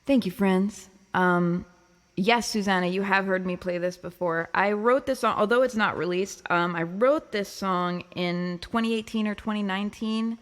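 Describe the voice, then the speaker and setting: A woman's voice: mid-range voice, moderate pace. A woman hosting her own music livestream, chatting casually with viewers, laughing often and filling her talk with ums and likes. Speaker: singer-songwriter livestream host.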